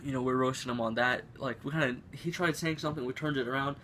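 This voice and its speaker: A man's voice: medium pitch, steady tone, quick pace, bright, forceful tone, slight background noise. Rambling teen guy telling a story. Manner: rambling, filler-heavy, restarts often. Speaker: vlogger. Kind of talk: casual storytelling. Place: room at home.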